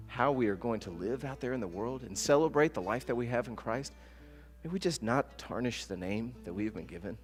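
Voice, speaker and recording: A man preaching a sermon as pastor, telling stories with lively acted-out quotes. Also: lowish voice. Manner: animated storytelling with acted-out quotes. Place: church sanctuary. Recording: long church reverb with soft guitar.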